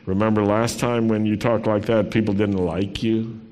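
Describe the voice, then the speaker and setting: A man's voice: fairly low pitch, little pitch movement, moderate pace, darkish tone, in a large hall, natural voice. A man playing a coaxing PR handler. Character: smooth-talking male PR handler coaching.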